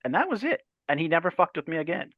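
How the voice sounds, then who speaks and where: On a casual podcast, a man in his forties from Louisiana, there as a guest author, spins lively stories with acted-out quotes and plenty of cursing. He talks fast in a higher-leaning voice, captured in a dry, dull-sounding recording.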